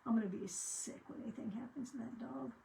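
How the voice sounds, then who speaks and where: A woman's voice: fairly high pitch, a little fast, creaky, warm tone, a little hiss or hum, rough recording. An older woman chatting casually as she crafts at home, rambling and often trailing off mid-sentence. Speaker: crafting channel host. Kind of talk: casual chat while crafting.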